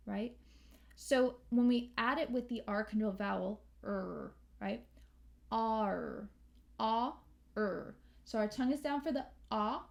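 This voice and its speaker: Slow, sing-song woman teacher. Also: a little high. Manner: slow, drawn-out demonstration of sounds, sings phrases. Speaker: English pronunciation teacher. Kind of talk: pronunciation lesson with sung examples.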